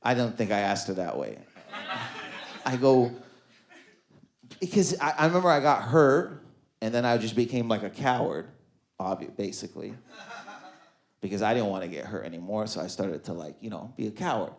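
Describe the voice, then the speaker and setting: A male comedian performs storytelling stand-up in a club where the audience laughs, alternating loud outbursts with low mutters. He voices quoted lines, keeps saying "you know what I mean," and speaks at normal speed with lively intonation and frequent pauses.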